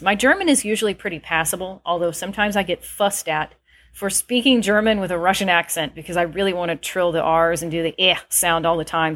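A woman giving earnest spoken commentary as a homesteading vlogger, reading news excerpts aloud in an animated way. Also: medium pitch. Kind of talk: casual spoken commentary to camera.

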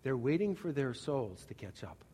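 A man preaching a sermon as pastor, animated, acting out little scenes and swinging from loud bursts to quiet asides. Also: mid-range voice, normal speed, husky. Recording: long reverb of a large hall.

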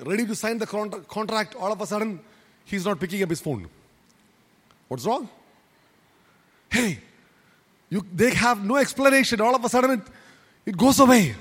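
A man's voice: high voice, fairly bright tone, in a large hall. A man preaching a sermon as pastor, emphatic and repetitive, with many rhetorical questions. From India.

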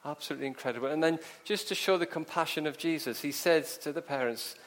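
A man's voice: a little high, fast. A man preaching a sermon, telling the story vividly and asking rhetorical questions.

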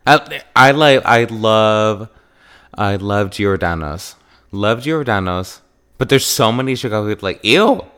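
A man from Wisconsin hosting a podcast, talking in an animated, emphatic casual monologue and acting out quoted exchanges. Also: lowish voice, a little slow, smooth. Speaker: podcast host.

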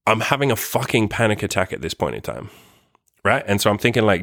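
A man's voice: fairly low pitch, animated, fast talker, fairly bright tone, no echo, studio quality. A young man telling a personal story to camera in a rambling, profane way, full of fillers and tag questions. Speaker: vlogger.

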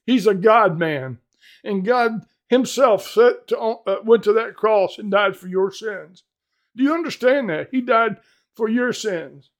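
Fervent older man preaching, high voice. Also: animated, unhurried. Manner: fervent, emphatic, plain-spoken. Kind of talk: evangelistic sermon.

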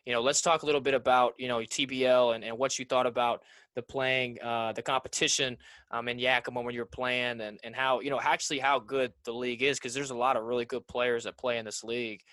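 A man's voice: mid-range voice, level tone, brisk, bright, forceful tone, no room sound. A man hosting a podcast interview, speaking casually and supportively and often repeating words. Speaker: podcast host.

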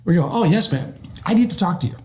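Middle-aged male guest, lively storyteller, voice a bit high, echoey room. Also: fast talker, slight background noise. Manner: animated storyteller acting out quotes. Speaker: retired police officer, guest. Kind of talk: podcast interview storytelling.

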